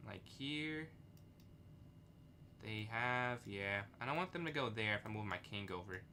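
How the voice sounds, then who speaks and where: Young male streamer talking through live chess games, bright tone, quick outbursts, faint typing behind. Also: on the low side, slight background noise. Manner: thinks aloud, reads chat, excitable outbursts.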